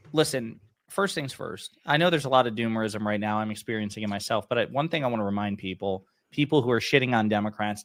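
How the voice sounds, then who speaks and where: A man's voice: mid-range voice, no echo, clean studio sound. A male podcast guest giving emphatic, profane political commentary in a rallying tone.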